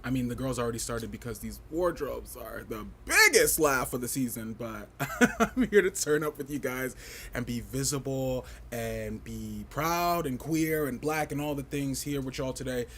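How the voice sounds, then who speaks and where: A man hosting a casual livestream fashion review, campy, playful and outspoken, with big swoops in pitch and frequent laughter. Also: moderate pace, a bit bright, slight background noise. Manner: sassy and outspoken.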